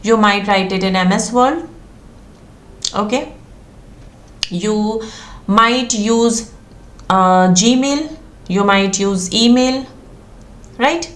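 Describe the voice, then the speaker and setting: A woman's voice: mid-range voice, very slow, long pauses, reverberant. A woman, explaining a database lesson patiently and checking in with her listeners often. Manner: patient, checks in with "okay?" and "right?". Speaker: SQL course instructor.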